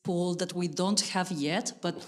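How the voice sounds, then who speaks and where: A woman's voice: on the low side, fairly even intonation, a little slow, slight background noise. A woman co-hosting a podcast, interviewing a guest in a friendly, casual way. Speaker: co-host.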